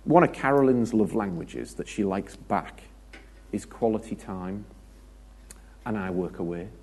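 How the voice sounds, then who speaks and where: A man's voice: lowish voice, measured pace, darkish tone, a little hiss or hum. A British man preaching a conversational sermon, chatty and joking, with anecdotes and asides to the congregation.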